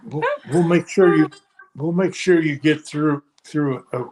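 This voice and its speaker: Older man, guest, dry deadpan teasing, slightly raised pitch. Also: unhurried. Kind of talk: casual chat.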